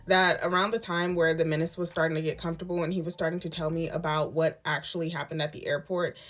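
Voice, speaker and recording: A woman in her twenties, emphatic and candid, telling her own story in a storytime vlog and acting out what others said. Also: fairly low pitch. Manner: emphatic and candid, retelling events with quoted dialogue.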